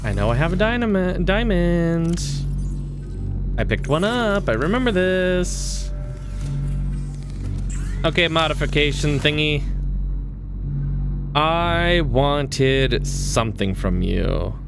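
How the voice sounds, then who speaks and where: A man's voice: on the high side, very animated, slow, creaky, long pauses, over music. A man from Western Canada chatting casually while streaming a game. He rambles, restarts his sentences and chuckles often. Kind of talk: casual gaming stream chat.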